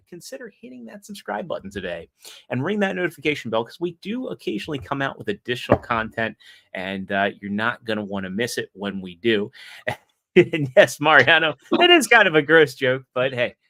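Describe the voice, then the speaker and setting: A man's voice: medium pitch, big pitch swings, a little fast, pushed and bright. A man hosting a casual podcast, rambling through a joke and reading out viewer chat. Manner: rambling, joke-telling, reads chat aloud. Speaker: podcast host.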